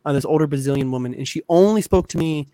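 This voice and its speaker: A man's voice: fairly high pitch, quick pace, warm tone, dry recording. A man co-hosting a podcast in casual chat, rambling and effusive, swearing often. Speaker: podcast co-host.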